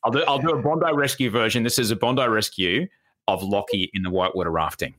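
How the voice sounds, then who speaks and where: A man's voice: lowish voice, fast talker, a bit bright. A man co-hosting a chatty TV recap podcast, playful and jokey. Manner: playful, jokey, mock-sincere. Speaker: podcast co-host. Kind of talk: casual chat.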